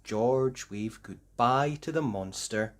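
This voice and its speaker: A man reading a children's picture book aloud, narrating slowly and expressively for young listeners. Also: mid-range voice. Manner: slow, expressive storytelling. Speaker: storybook reader.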